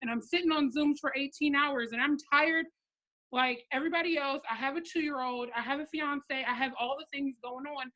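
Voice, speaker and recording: A woman in her thirties giving a blunt, sassy and animated motivational pep talk to her sales team on a live stream. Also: high-pitched, moderate pace. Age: 30s. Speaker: network marketing team leader.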